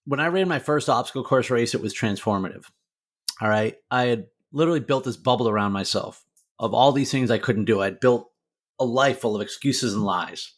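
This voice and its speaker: This is a middle-aged man with a mid-range voice and a fairly quick delivery. As a guest on a podcast, the motivational speaker shares his own tough story frankly and emotionally, with plenty of swearing and "like" dropped throughout.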